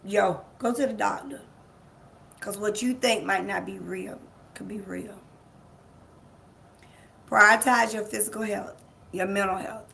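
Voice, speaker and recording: A gravelly, sharp-toned woman's voice at medium pitch, steady and a little slow, broken by frequent pauses. The speaker, a life coach hosting a live-streamed motivational talk, stresses her words, repeats key phrases and addresses the audience head-on. She laughs easily and talks with those in the room.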